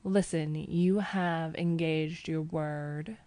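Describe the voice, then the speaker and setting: A woman's voice: lowish voice, level tone, measured pace, a little mellow, dry recording, lightly acted. A woman reading a raving man who would be king. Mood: ranting. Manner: fierce, commanding declarations. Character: deranged young man claiming a crown.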